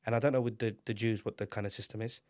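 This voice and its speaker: A man, co-hosting a casual podcast, emphatic and animated, climbing to loud exclamations. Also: on the low side, rapid-fire, no echo, studio quality. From England. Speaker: podcast co-host.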